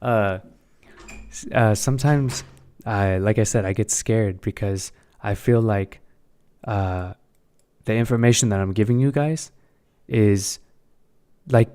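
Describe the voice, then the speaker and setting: A man's voice: on the low side, normal speed, dark tone. A young man talking casually on a live stream about his crypto trades, blunt and swearing often, repeating himself.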